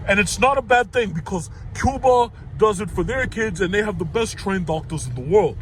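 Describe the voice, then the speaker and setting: A man's voice: sits high, expressive, normal speed. A man in his car putting on a mocking impression of a whiny old male politician. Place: in a car in city traffic. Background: faint traffic noise.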